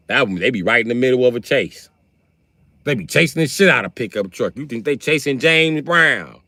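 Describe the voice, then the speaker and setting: A man tells wild comic stories on a livestream. His voice is bright and forceful, swings widely in pitch, and jumps into high shouted character voices. He sounds loose and animated. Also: normal speed, long pauses, no echo. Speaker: livestream host. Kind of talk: comedic storytelling on a livestream.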